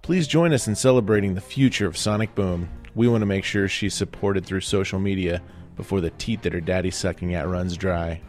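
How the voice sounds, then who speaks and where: A man's voice: low voice, fairly quick, darkish tone, soft background music. A man speaking bluntly and crudely in a comedy sketch ad.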